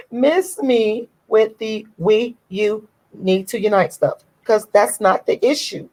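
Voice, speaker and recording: A woman's voice: fairly high pitch, a little slow, gravelly, a little mellow, poor audio. A woman vlogger giving a ranting commentary to her viewers, emphatic and indignant, repeating her points over and over.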